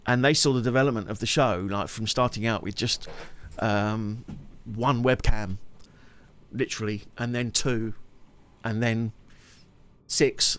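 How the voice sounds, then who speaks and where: A man's voice: mid-range voice, a bit bright, clear, resonant tone. A man chatting on his live stream, rambling and laughing often. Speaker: streamer and musician. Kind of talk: casual live-stream chat.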